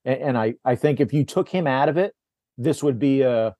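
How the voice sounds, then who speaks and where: A man in casual podcast chat, retelling a film's plot scene by scene and slipping into quick impressions of the characters. His speech is full of restarts and repeated words. The sound is dry and close, with no room behind him. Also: medium pitch, dark tone, no room sound. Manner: rambling recap, acts out character lines, frequent restarts. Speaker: podcast host. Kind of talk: casual movie discussion.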